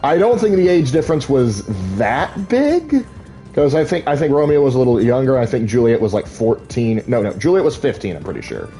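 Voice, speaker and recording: A man's voice: mid-range voice, very animated, fairly quick, mellow, soft background music. A man casually commentating on his gameplay, rambling through opinionated asides full of "like.". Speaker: gaming streamer.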